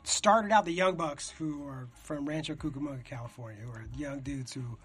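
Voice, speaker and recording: A young man rambling in a casual, profane chat, getting excited as he talks. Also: a little high, normal speed.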